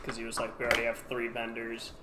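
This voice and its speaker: Deadpan salesman over loud hiss. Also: mid-range voice, quick pace. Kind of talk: casual chat. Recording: loud steady noise.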